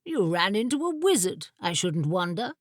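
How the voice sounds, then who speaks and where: A woman's voice: medium pitch, big pitch swings, moderate pace, dry recording, studio quality. A woman voicing a self-satisfied, pompous older male wizard in an audiobook. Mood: smug. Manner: pompous, knowing, pleased with himself.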